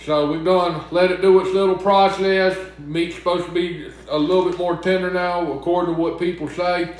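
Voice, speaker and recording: Brief: young Southern man with a high voice, cooking vlog, chatty and teasing, very echoey kitchen. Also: a little hiss or hum. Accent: Southern US (Mississippi). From Mississippi. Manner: chatty, joking, talks back to imagined critics. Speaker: cooking vlogger. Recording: very echoey room.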